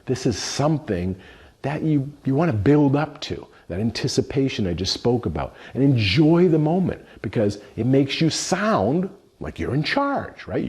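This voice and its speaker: Husky-voiced man teaching a cooking demo. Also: on the low side, darkish tone. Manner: explanatory, talks through each step while working. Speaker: culinary instructor. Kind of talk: cooking demonstration lesson.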